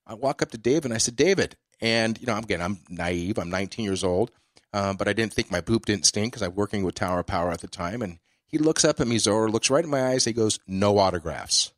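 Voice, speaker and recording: A man's voice: on the low side, quick pace, no echo. A man hosting a podcast interview, telling long rambling stories with many fillers. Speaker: podcast host. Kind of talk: casual interview chat.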